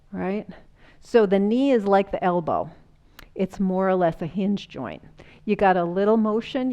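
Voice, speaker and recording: A woman teaching a chair yoga class, calmly guiding movements and explaining the breath and the body. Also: mid-range voice, clear, resonant tone, highs cut off. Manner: calm, explanatory, gently encouraging. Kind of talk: guided exercise class.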